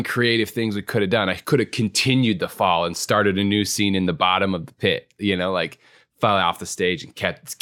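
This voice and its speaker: A man's voice: deep voice, fairly bright tone, no room sound. A man co-hosting a podcast, reflecting self-critically on a past improv show with many casual fillers. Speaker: co-host, improv performer.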